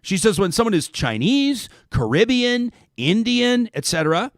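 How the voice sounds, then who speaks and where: A man's voice: high-pitched, sing-song, moderate pace, no echo, studio quality. A man from Canada hosting a casual talk show, reading listener comments aloud with a joking, chatty manner.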